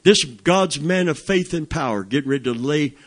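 A man's voice: fairly high pitch, animated, normal speed. An older man preaching a sermon in a fervent, folksy way, calling out praise as he teaches.

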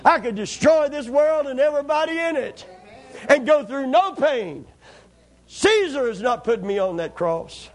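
A male preacher voicing a calm, resolute divine man in solemn declaration within a sermon. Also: very high-pitched, unhurried, voice pushed up.

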